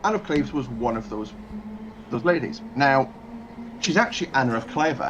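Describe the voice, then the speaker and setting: A man's voice: mid-range voice, very animated, normal speed, background noise. A man telling rambling history anecdotes in casual chat, full of restarts and fillers.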